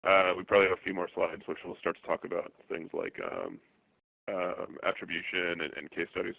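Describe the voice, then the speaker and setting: A man in his thirties from the Boston area presents a webinar. He talks in a steady monotone, full of fillers and restarts. His voice sits low with a bright, forward edge, and the recording is dry and close. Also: vocal fry, no room sound, rough recording. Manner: halting, many fillers and restarts; monotone delivery.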